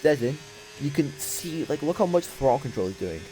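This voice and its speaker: A young man giving excitable, sweary live commentary on a sim race while bantering with his chat. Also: on the high side, fairly quick, soft background music.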